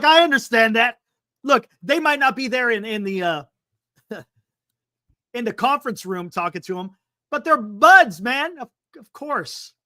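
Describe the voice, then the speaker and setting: Animated man reading and riffing. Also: high voice. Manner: breaks off reading for quick excited asides. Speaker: sports talk show host. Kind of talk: livestream sports talk, reading an article aloud. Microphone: streaming setup microphone.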